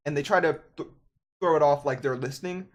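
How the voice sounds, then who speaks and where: A man's voice: a little high, fairly quick. A young man in his twenties, a gaming YouTuber, ranting in casual, sarcastic commentary.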